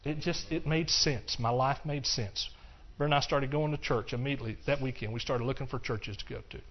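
An older man giving a personal testimony sermon, earnest and repetitive, dropping to hushed stretches and rising into passionate bursts. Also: medium pitch, brisk. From Texas. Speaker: preacher. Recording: dull lo-fi recording.

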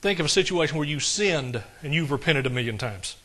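A man with a drawl delivers a sermon in a folksy, conversational way, often turning to his congregation with quick asides. His voice is bright and sits slightly high. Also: lively intonation. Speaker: pastor.

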